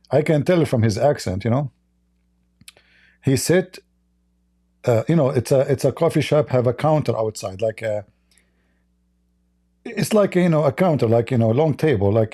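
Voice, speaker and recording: A man's voice: medium pitch, moderate pace, long pauses, warm tone. A man, telling rambling anecdotes on a livestream with many fillers and laughs. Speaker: livestream host. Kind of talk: casual storytelling on a livestream.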